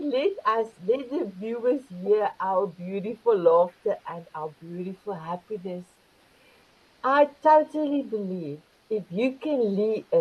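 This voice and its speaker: An older woman with a medium-pitched, slightly rough voice hosts an online talk show, heard through muffled video call audio. She is effusive and affectionate with her guests, calling them beautiful.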